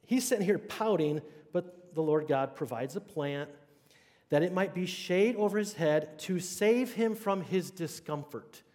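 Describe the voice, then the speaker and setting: Pastor preaching in a reverberant hall. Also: male voice, sits high, animated, a little slow, darkish tone. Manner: conversational, checks in with the congregation. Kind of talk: sermon. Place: church sanctuary.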